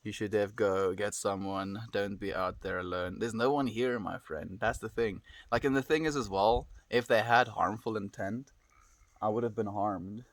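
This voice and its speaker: A young man chatting calmly on his live stream, reassuring viewers and often calling them "my friend". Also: on the low side, moderate pace, dry recording. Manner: calm, reassuring, says "my friend" a lot. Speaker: livestreamer. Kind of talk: casual live stream chat reading viewer comments. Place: at home.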